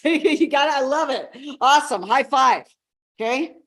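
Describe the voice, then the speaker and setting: A high-voiced woman, a personal development coach, teaches a live masterclass. She's an expressive teacher who acts out quotes and slows down for key words.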